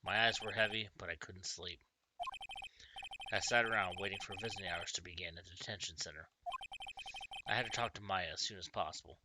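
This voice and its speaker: A man's voice: sits low, steady tone, fairly quick, pauses often, heavy background noise. A man streaming a game, reading its text aloud and tossing in playful, joking asides. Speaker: let's play streamer. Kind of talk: casual let's play commentary, reading game text. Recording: game music behind the voice.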